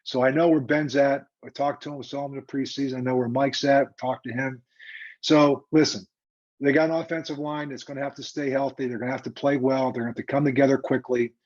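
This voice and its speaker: An older man, a retired football coach, telling a story in a lively, emphatic, conversational way during an interview. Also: medium pitch, fairly quick. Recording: dull lo-fi remote audio.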